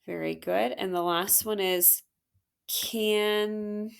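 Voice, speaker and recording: A woman's voice: mid-range voice, steady tone, gravelly, clear, resonant tone. A woman teacher working through a phonics worksheet, patiently sounding out syllables and praising the listener. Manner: patient, encouraging, sounds out words slowly. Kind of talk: phonics lesson walkthrough.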